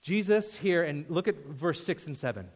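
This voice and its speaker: Male pastor, slightly high voice, punchy sermon delivery with casual asides, long hall reverb. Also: expressive, moderate pace. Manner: emphatic preaching, swinging between loud and hushed; conversational storytelling asides.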